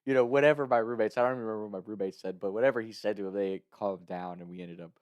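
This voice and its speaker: A young man tells a story in a relaxed, chatty way and breaks into small laughs along the way. His voice sits a bit low, and it sounds close and dry, with no room echo. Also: rapid-fire. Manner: chuckles often while telling a story. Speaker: podcast host. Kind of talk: casual storytelling.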